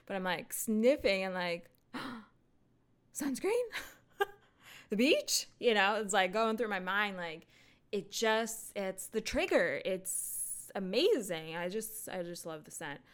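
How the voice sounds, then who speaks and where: A young woman hosts a solo podcast, chatting casually into her microphone. She talks slowly and rambles, full of fillers and little laughs. Her voice is smooth and clear, sitting at a middle pitch. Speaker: podcast host.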